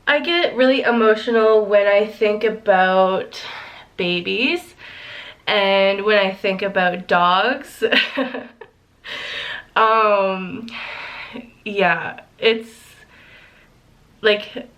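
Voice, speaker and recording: A woman's voice: medium pitch, fairly even intonation, drawn-out words, long pauses, fairly bright tone. A young woman chatting casually to the camera, giggling often and filling her talk with likes and ums. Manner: giggly, chatty, lots of fillers. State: a little emotional. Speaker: vlogger. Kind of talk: casual chat.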